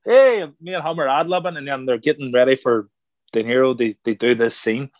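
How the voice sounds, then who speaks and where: A man telling a story in an interview as a guest, animated and acting out the voices of people he quotes. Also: mid-range voice, a little fast, dry recording. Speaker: guest, former boxer turned actor.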